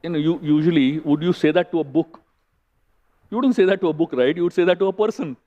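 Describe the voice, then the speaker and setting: A man giving a scripture class, reciting Sanskrit verses slowly and explaining each one in English, asking his listeners rhetorical questions. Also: a little high, lo-fi sound. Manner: asks the audience rhetorical questions. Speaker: Bhagavatam class speaker. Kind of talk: scripture lecture. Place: temple hall.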